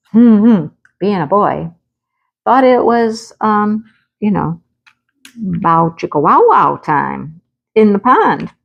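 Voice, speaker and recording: A woman craft vlogger at her rural home, telling a lively anecdote in a casual chat, often laughing. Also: fairly low pitch, vocal fry, muffled recording.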